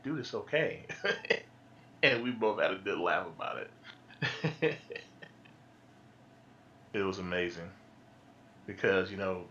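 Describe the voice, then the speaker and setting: A man's voice: deep voice, takes it slowly, pauses often, pushed and bright, slight background noise. A man chatting casually on a stream, telling rambling stories and laughing often. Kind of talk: casual group chat. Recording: muffled lo-fi audio.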